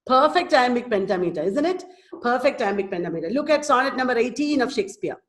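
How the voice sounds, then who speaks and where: A woman's voice: fairly high pitch, animated. Woman teaching, echoey room. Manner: explains slowly, often asks "did you understand?". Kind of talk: online lecture. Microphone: computer mic in a webinar.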